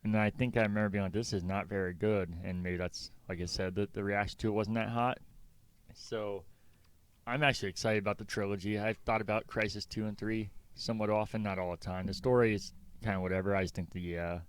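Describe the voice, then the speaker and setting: Smooth low-voiced podcast co-host. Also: male voice, fast. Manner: relaxed, rambling opinions with fillers. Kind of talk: casual gaming podcast chat.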